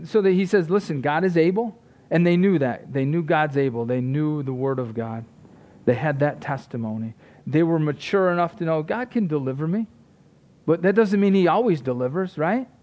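A man in his thirties or forties gives an earnest sermon in a slightly high voice. He keeps restarting his sentences and checking in with "right?" as he goes. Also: darkish tone, dull audio. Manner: earnest preaching with many restarts and rhetorical "right?". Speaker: pastor.

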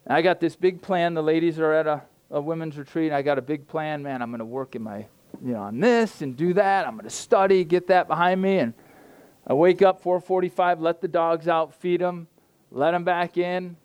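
A middle-aged male pastor gives a casual, conversational sermon. His voice sits a little high for a man. He talks in loose, self-deprecating asides full of fillers and restarts. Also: normal speed, darkish tone, clear, resonant tone. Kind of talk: informal sermon.

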